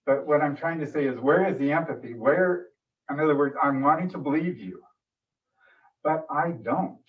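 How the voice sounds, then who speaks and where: A fairly high-voiced man speaking with emotion and frustration during public comment at a council meeting. He is picked up from some distance across the room, and the sound is dull and muffled. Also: normal speed.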